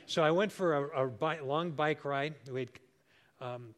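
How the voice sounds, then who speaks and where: A man's voice: fairly high pitch, a little slow. A man in his sixties preaching a sermon as pastor, telling a homely story and acting out the voices he quotes. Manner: warm storytelling, acts out quoted voices with big jumps.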